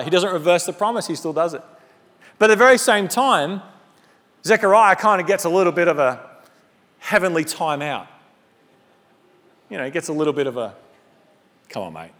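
High-voiced man preaching in a reverberant hall. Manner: animated conversational preaching with humorous asides. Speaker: pastor. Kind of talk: sermon.

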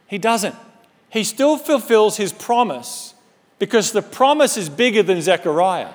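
High-voiced man preaching in a reverberant hall. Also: measured pace. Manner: animated conversational preaching with humorous asides. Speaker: pastor. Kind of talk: sermon.

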